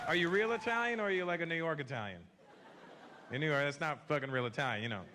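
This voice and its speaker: A man from Canada doing a stand-up comedy set, profane and animated, acting out voices. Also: on the high side, quick pace, a little hiss or hum. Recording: stand-up audio under loud music.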